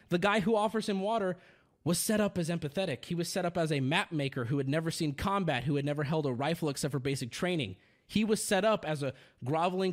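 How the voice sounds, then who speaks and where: A man in his thirties telling a rambling story as a streamer in casual chat, animated and profane. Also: sits high. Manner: rambling, animated, swears, acts out quotes.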